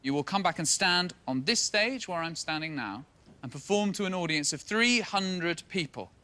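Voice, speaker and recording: A man's voice: sits high, animated, moderate pace, bright, forceful tone. A man presenting a talent contest on stage, upbeat and teasing as he talks to the groups. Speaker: choir mentor and show host.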